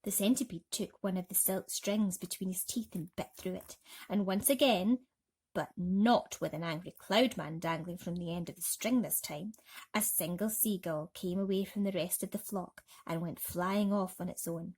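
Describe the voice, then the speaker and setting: A woman reading a bedtime story aloud in a gentle, soothing way. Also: on the low side, normal speed, slightly rough.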